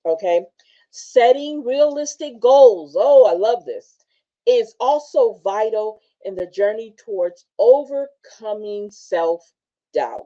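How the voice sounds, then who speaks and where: A woman with a fairly high voice hosts a motivational talk show, reading from her book and sharing personal stories. She's casual and animated, laughing often, though the audio sounds dull.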